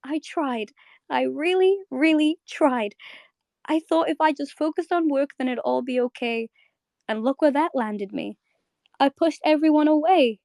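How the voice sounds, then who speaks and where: Brief: woman performing a sorry young princess confessing softly, bright and high, dry sound. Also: unhurried, gravelly, dry recording. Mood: remorseful. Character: remorseful young princess, apologetic and vulnerable.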